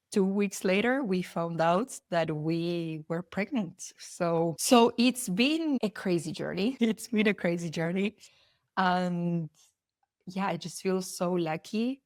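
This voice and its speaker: A young adult woman hosts her own podcast, speaking in a fairly low voice. She talks earnestly and from the heart, often rambling and restarting her sentences. The recording is close and dry, with no room sound. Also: a little mellow, dry recording. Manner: earnest and heartfelt, openly spiritual; loose and rambling with many restarts. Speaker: podcast host. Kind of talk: personal podcast monologue.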